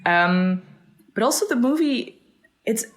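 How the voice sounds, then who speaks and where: A woman's voice: fairly high pitch, lively intonation, slow pace. A woman chatting casually as a podcast guest, talking freely, with many fillers and frequent laughs. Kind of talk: casual chat.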